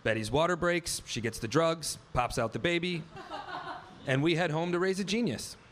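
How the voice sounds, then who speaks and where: A man's voice: fairly high pitch, normal speed, a bit bright, a little hiss or hum. Man telling a wry live story. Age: 30s. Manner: wry, vivid, acts out his own dialogue. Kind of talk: first-person story told live on stage.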